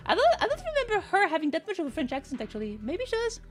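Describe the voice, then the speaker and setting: A woman streaming a video game, reacting aloud with excitable casual commentary. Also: high voice, quick pace, faint music behind.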